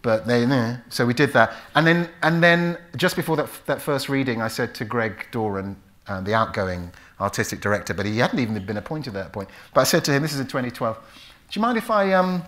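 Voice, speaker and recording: British male actor, storyteller at a public talk, bright forward tone, acts out voices. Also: medium pitch, a little fast. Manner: animated storyteller who acts out voices and recites Shakespeare. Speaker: actor and author giving a talk. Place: lecture hall before a live audience.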